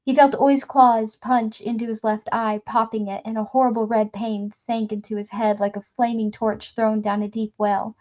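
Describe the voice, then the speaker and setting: A woman reading a novel aloud in a steady storytelling manner, stumbling now and then. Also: on the high side, normal speed, few pauses, dull audio. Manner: steady storytelling with occasional slips. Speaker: reader.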